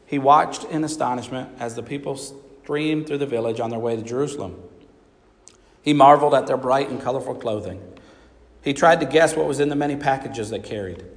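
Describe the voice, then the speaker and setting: A man reading aloud a children's Bible story with measured, steady storybook pacing. His voice sits at a middle pitch for a man. It rings out with a long hall reverb.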